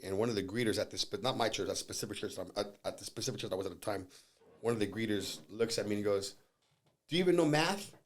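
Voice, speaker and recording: Middle-aged guy from socal, talks real fast, curses a lot, acts out the people in his stories. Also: fairly low pitch. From Southern California. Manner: fast storyteller, swears freely, acts out quoted voices. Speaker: podcast guest. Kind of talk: casual chat.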